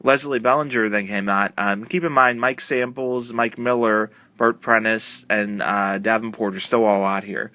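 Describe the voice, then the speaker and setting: Speaking steadily at a moderate pace with hardly any pauses, a man whose voice is lowish, bright and forward retells a wrestling broadcast in a casual review. It's a rambling account padded with many uh and um, recorded dry and close with no room sound.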